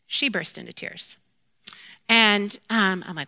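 A woman gives a personal faith testimony in a bright, ringing voice. She is candid and self-deprecating and acts out her own quoted lines with lively animation. The recording is dry and close. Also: medium pitch, slow pace, no room sound. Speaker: mother sharing a faith testimony.

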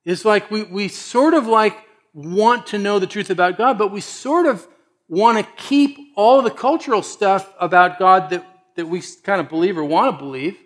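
Animated preacher man, slightly high voice. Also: normal speed. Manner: animated, swings from loud to hushed; acts out quoted voices conversationally. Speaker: pastor. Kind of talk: sermon.

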